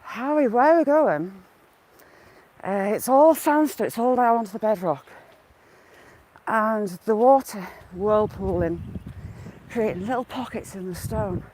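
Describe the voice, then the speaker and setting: A woman's voice: medium pitch, a little slow, long pauses, darkish tone, rough recording. A woman out of breath on an outdoor walk, chatting casually on a live stream and greeting viewers by name. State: a bit out of breath. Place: outdoors on a woodland walk by water.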